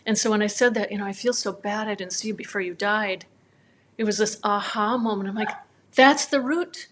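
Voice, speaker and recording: A woman's voice: medium pitch, fairly quick, a little hiss or hum. Heartfelt woman telling a personal story. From northern Minnesota, USA. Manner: animated storytelling, acting out quoted dialogue. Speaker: guest, chiropractor.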